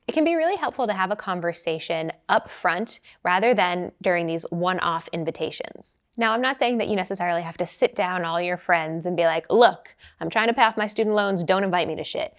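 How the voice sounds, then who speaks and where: A young woman giving casual money advice to camera, chatty and lively as she acts out quoted lines. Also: on the low side. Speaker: personal finance educator.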